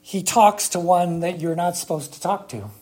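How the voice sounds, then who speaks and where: A preacher giving a sermon, speaking emphatically with long dramatic pauses and rhetorical questions to the congregation. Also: medium pitch, darkish tone, breathy edge.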